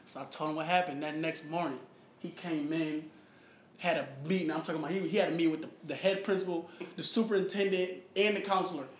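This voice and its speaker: A young man in his early twenties telling a personal story in casual conversation, animated and acting out what people said, often asking "you know what I'm saying". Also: a little high, fast. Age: young adult, about 21. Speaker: interviewee in a photo project. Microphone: recorded conversation played back in the talk. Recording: echoey room with faint background noise.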